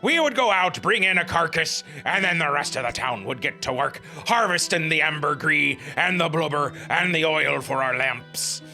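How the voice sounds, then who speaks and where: A man voicing a gruff, rustic old retired whaler with a drawling sailor's way of talking. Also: a little high, expressive, moderate pace, hardly any pauses, sharp tone, soft background music, pitched above the performer's own voice, full character voice. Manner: rustic drawl, dropping grammar.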